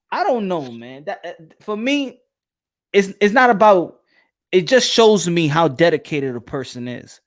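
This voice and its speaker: A man's voice: sits high, sing-song, measured pace, no echo, clean studio sound. A man with a New York accent hosting a casual chat, loose and slangy, laughing often. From New York City. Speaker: podcast host.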